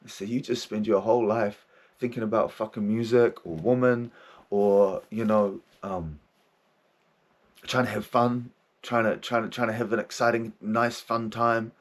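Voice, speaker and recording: A man's voice: lowish voice, fairly even intonation, measured pace. A man voicing his own wounded inner self, a grown man who is bitter and accusing and swears as he complains of being neglected.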